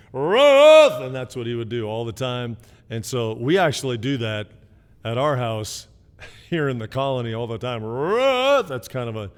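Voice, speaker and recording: A middle-aged man from Canada, telling stories about his parents in a casual video greeting, with lots of fillers and pauses. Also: lowish voice, clear, resonant tone, big-room sound. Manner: rambling storytelling with many fillers. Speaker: son giving an anniversary message.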